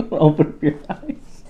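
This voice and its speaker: A co-host running a guessing-game challenge, teasing and laughing often in casual banter. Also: narrow, tinny audio.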